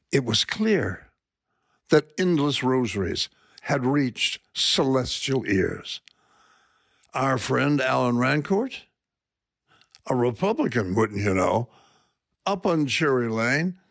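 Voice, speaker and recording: A man's voice: on the high side, vocal fry, no echo, clean studio sound. An older man reading his own column aloud as wry, dramatic personal storytelling.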